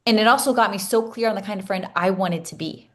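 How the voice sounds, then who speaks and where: A woman's voice: mid-range voice, fast talker, fairly bright tone. A woman in her thirties, a coach telling a personal story to her class, earnest and emotional, with many restarts. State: tearful at times. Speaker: coach leading a masterclass.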